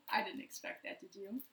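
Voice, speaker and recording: Gentle, playful storytime librarian woman. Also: high-pitched, roomy sound, a little hiss or hum. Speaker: children's librarian. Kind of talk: storytime read-aloud. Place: living room at home.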